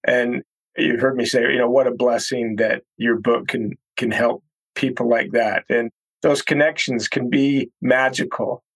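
A man's voice: medium pitch, fairly even intonation, measured pace, breathy edge, poor audio. A man hosting a podcast, reflecting on his guest's story and wrapping up the episode with a sponsor read. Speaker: podcast host. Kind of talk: podcast interview host.

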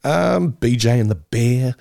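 Casting: middle-aged man, gravelly voice with a lot of lift, eager giggly rambler. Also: mid-range voice, lively intonation, measured pace, dark tone, no echo, studio quality. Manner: enthusiastic, giggly, nostalgic rambling. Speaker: podcast co-host. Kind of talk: casual chat.

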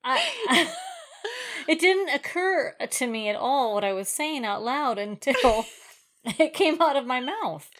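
A woman's voice: high voice, slow. A woman co-hosting a casual podcast chat, telling stories with frequent laughter. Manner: laughs often, animated storytelling. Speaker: podcast co-host.

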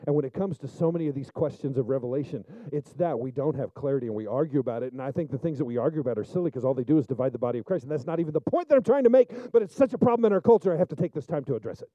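A male pastor preaching a sermon, telling stories and building up to loud, fervent peaks. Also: mid-range voice, racing, few pauses, no echo, dull audio. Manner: storytelling preacher, rises to loud fervent climaxes.

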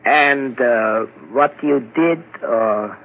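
A slow, measured doctor. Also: male voice, medium pitch, a little hiss or hum. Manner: deliberate, explanatory. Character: measured male asylum doctor. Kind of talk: 1940s radio acting. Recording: muffled old radio broadcast.

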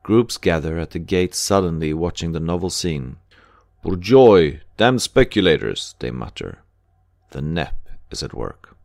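Deep-voiced male audiobook narrator. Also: normal speed, gravelly, a little mellow, dry recording, clean studio sound. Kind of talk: scripted narration.

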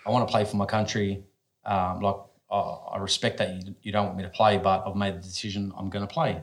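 A lower-voiced Australian man in his forties tells stories as a guest on a talk podcast. He speaks bluntly and casually, swears without hesitation, and often stops and restarts his sentences. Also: level tone, fairly quick. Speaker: guest, former professional athlete.

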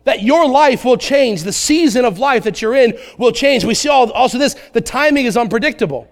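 High-voiced man preaching with energy. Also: fairly quick. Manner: animated preaching, acts out voices and asides. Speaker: pastor. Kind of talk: sermon.

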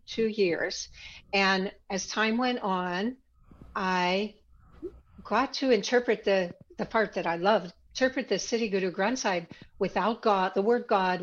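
A woman guest telling a personal story in an interview, reflective and growing animated as she recalls past conversations. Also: mid-range voice, highs cut off.

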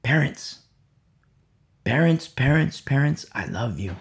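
Swinging from loud emphasis to quiet asides, a man teaches from the Bible in a gravelly mid-range voice with lively intonation, taking his time. He keeps repeating key phrases and asking, "You see?"

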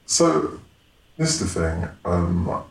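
A man chats bluntly on a podcast, voice sitting very low and laughing often. The room rings around him with a faint hiss underneath. Casual, swearing, relaxed banter. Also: slow, creaky. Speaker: podcast co-host. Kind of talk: casual chat. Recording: roomy room with faint noise.

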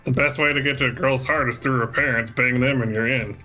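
A man playing in a tabletop game, cracking dark jokes in a deadpan way. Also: medium pitch, fairly quick, soft background music, poor audio. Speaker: player.

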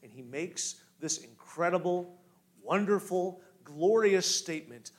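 A man preaching a sermon who moves from hushed storytelling to loud, rising exhortation and asks the congregation direct questions. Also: sits high, expressive, a little slow. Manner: guides listeners with direct questions. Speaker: pastor.

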